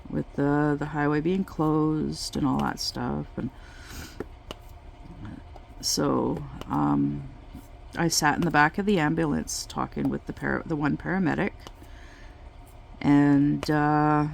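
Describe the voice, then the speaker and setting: Woman chatting while she crafts, kinda slow and halting, bit of vocal fry. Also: low voice, a little hiss or hum. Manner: slow, halting storytelling with many pauses. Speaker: craft vlogger. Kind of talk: casual chat while crafting.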